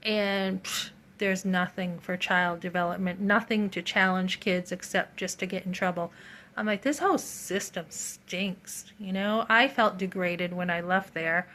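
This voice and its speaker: A woman's voice: lowish voice, fairly even intonation, normal speed, pushed and bright, slight background noise. Earnest, indignant middle-aged woman vlogger. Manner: earnest, indignant, emphatic with quoted asides. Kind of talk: casual storytelling to camera.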